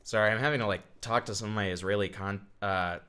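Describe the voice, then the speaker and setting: A man's voice: on the low side, fairly even intonation, quick pace, pushed and bright, clear, resonant tone. A man streaming, giving crude, sarcastic commentary in casual livestream chat. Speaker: streamer reacting to a clip.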